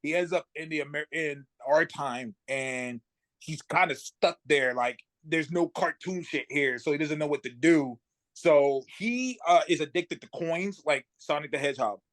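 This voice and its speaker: A guest comic writer with a slightly high voice chats casually on a podcast, telling animated stories and laughing often.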